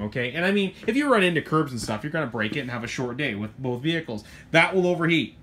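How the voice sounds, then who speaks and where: With a high-pitched, brisk voice, a middle-aged man who runs a hobby shop chats casually about a truck he stocks. He's animated and rambling, full of asides, and curses mildly along the way.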